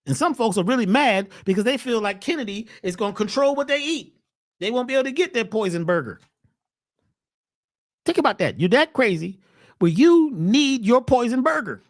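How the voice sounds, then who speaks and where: At a moderate pace and with no room sound, a woman's voice comes through clean from a studio. She's a host and wellness speaker giving a preachy monologue, slangy and emphatic, leaning on rhetorical questions and lively shifts in pitch and voice.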